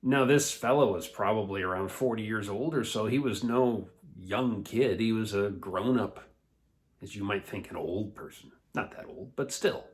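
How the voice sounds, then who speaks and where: A man leading children's church, telling a Bible story in a playful, animated way. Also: lowish voice, normal speed. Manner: animated, playful, laughs often.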